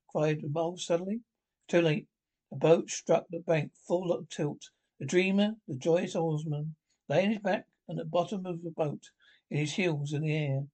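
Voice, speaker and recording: A man's voice: a little high, fairly even intonation, moderate pace, a little mellow. A man narrating a classic children's story aloud, often stumbling over words and restarting. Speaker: audiobook reader.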